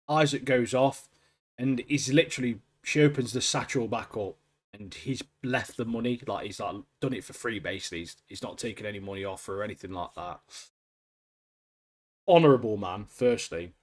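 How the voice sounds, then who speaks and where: A man's voice: fairly low pitch, moderate pace. Chatty man, podcast co-host. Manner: chatty, laughs often, calls people mate. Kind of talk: casual chat.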